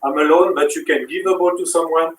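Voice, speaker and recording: French-accented guy counting reps during a home workout, kinda high voice, echoey room, mic far off. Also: steady tone, fairly quick, background noise. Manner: counts reps and coaches while exercising. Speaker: fitness instructor. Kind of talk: live workout demonstration.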